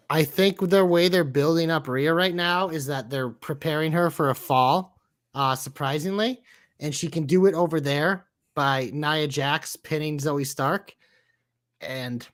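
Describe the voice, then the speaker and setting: A man co-hosting a casual wrestling podcast, joking and bantering playfully. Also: a little high. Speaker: podcast co-host.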